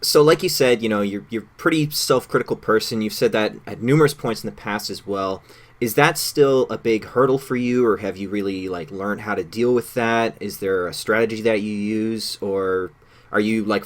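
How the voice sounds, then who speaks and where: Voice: medium pitch, brisk. A chatty interviewer asking questions in a casual, enthusiastic way.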